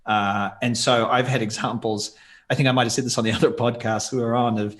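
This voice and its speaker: A man's voice: medium pitch, steady tone, a little fast, a bit bright. A man talking in a casual podcast interview as a guest, thoughtful and rambling with many asides.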